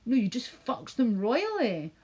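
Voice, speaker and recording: A woman's voice: sits high, very animated, takes it slowly, warm tone, slightly rough. Lady ranting on a home livestream, swears a lot, kinda dull lo-fi mic sound. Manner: rambling, profane and mocking. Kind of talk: casual livestream rant.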